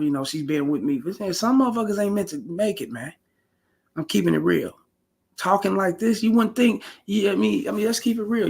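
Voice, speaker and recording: A man's voice: sits high, vocal fry, husky. A man ranting casually on his vlog, blunt and profane, full of slang and repetition. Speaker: commentary vlogger. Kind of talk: casual commentary rant.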